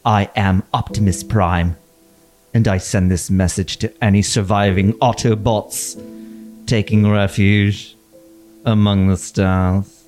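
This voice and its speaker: A man guest on a comedy podcast, giving a slow, solemn, overly dramatic reading. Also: lowish voice, fairly even intonation, darkish tone, soft background music.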